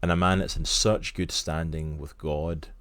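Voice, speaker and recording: Scottish male co-host, very low voice, earnest and rambling, dry close sound. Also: fairly even intonation, normal speed, fairly bright tone, clear, resonant tone, dry recording. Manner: earnest, rambling with many fillers. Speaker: podcast co-host. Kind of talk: casual interview chat.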